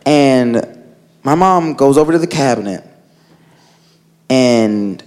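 A man's voice: mid-range voice, lively intonation, slow. A man doing a stand-up comedy set on a club stage, telling a story with lots of filler words and acting out his family's voices. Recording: live club with loud crowd and noise. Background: audience laughter.

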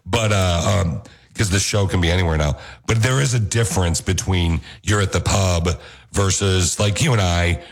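A man co-hosting a show, chatting casually and teasing his co-host with jokes. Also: low voice. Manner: joking, teasing, rapid talker. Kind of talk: casual banter.

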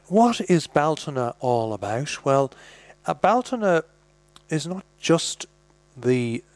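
A man's voice: mid-range voice, vocal fry, no room sound. A man hosting a radio show, rambling casually with many filler sounds. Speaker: radio host.

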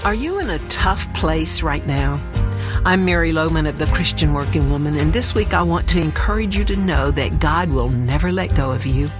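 A woman teaching a Bible story on a radio program, animated and storytelling. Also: low-pitched, normal speed, music in the background.

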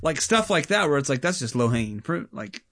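A man's voice: fairly high pitch, sing-song, brisk, fairly bright tone, no echo. A man who is a pastor, talking casually and earnestly about his church's outreach, with many fillers like "like" and "I mean". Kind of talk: casual conversation.

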